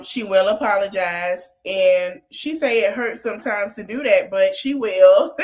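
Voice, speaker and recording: A woman hosting a podcast, recapping a reality show reunion in a chatty, gossipy way, with sassy asides. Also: mid-range voice. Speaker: podcast host.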